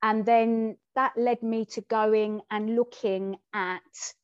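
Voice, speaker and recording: A woman co-hosting a conversational podcast, telling a personal story in a candid, lively way and acting out the lines she quotes. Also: a little high, slow, smooth, dry recording. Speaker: podcast co-host. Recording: dull, dry and muffled.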